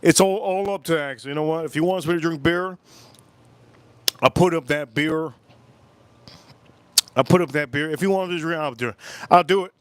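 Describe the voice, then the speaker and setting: A man's voice: a little high, moderate pace, long pauses, clear, resonant tone, no echo. Rambling man hosting a cooking stream. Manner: rambling, repeats himself, talks to a chat viewer. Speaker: live stream cooking host. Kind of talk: casual live stream chat.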